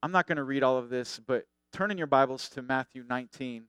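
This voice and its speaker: Animated, smooth-voiced male preacher. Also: mid-range voice, a little fast, dry recording. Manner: animated, conversational, acts out quotes. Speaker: pastor. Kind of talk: sermon.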